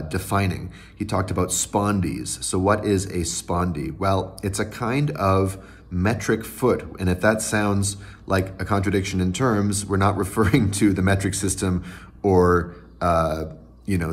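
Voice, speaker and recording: Podcast host guy, lowish voice, breaks down terms like a teacher. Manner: teacherly, explains terms with examples. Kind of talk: explanatory podcast talk.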